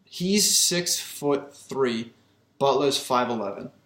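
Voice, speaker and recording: A young man with a Boston accent talks sports and trades jabs in a loose, casual chat, often repeating himself as he gets worked up. His voice sits at an ordinary pitch. The room around him is noticeably echoey. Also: slow. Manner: excitable, teasing, repeats himself. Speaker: sports podcast co-host.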